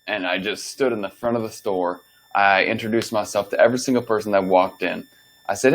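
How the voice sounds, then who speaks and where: A young man talks straight through a story on his own podcast, loose and unscripted. His voice sits a little low, and he swears freely as he acts out the lines he once spoke. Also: fairly even intonation, brisk, low-quality recording. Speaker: podcast host. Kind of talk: casual storytelling monologue.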